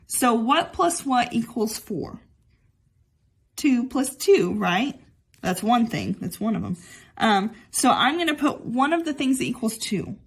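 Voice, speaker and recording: Slow-talking cheerful woman teacher. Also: a little high, big pitch swings, slightly rough. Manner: chatty, cheerful, says y'all. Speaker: music teacher. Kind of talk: remote music lesson for children.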